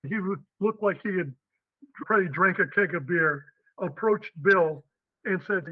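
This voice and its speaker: An older man from western Pennsylvania, a guest telling stories in an animated way. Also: high voice, a little slow, no room sound. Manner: animated, acts out the people in his stories. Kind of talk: storytelling interview. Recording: dry tinny phone-like line.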